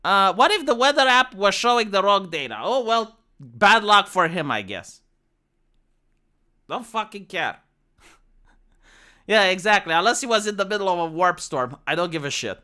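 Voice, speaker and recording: In a casual livestream, this former raid leader with a Romanian accent delivers a blunt, profanity-heavy, animated rant about running raids. He speaks at a medium pitch and moderate pace, leaving long pauses.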